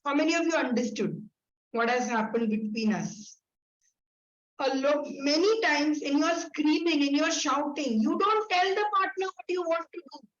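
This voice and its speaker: High-voiced woman teaching. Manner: brisk, instructive, repeats key words in lists. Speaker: relationship workshop instructor. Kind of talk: live workshop teaching. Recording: echoey room, dull lo-fi sound.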